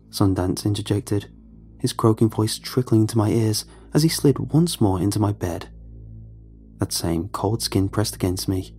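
A man tells a first-person horror story, calm and measured throughout. His voice is low and mellow with a husky grain. Faint music runs under him.

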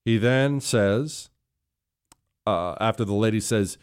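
A man's voice: lowish voice, takes it slowly, smooth. A man hosting a radio talk show, delivering impassioned political commentary into a studio microphone. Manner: impassioned, building to heated emphasis.

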